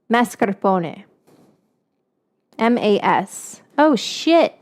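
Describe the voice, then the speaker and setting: A woman's voice: on the high side, expressive, a little slow, pauses often. Chatty, playful woman hosting a cooking stream. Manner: playful, chatty, self-mocking. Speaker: cooking show host. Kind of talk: casual livestream cooking chat. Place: home kitchen.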